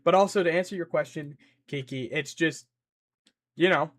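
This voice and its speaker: A young man streaming live, thinking out loud as he codes and answering his chat in a rambling, playful way. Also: fairly high pitch, moderate pace.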